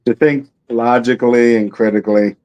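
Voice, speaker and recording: A man's voice: mid-range voice, fairly even intonation, normal speed, a little mellow. A man co-hosting a casual chat about football picks, swearing and joking as he goes. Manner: profane, joking banter. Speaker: podcast co-host.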